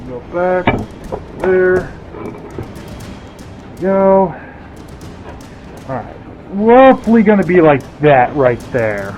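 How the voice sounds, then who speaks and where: A man narrates his workshop project in an unhurried, meandering way, thinking out loud as he goes. His voice sits a little high. It comes through a tinny, phone-like headset sound with faint music in the background. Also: animated. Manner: rambling, thinking aloud. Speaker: blacksmith vlogger. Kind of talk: casual workshop commentary.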